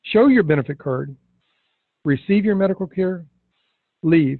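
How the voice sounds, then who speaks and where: A man's voice: sits high, animated, no room sound. Emphatic male sales trainer, tinny audio. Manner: emphatic, slows down to stress words.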